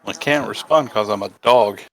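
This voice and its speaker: A man speaks as a player at a tabletop game, pausing often and filling the gaps. His voice sits fairly low. He talks casually. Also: a bit bright, no room sound. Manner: halting, with many fillers. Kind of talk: in-character introduction at a tabletop game.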